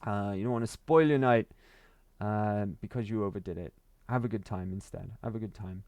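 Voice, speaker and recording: A Welsh man streams a game and chats casually to his viewers, rambling, repeating himself and chuckling a lot. His voice is lowish and darkish in tone, brisk, with no echo.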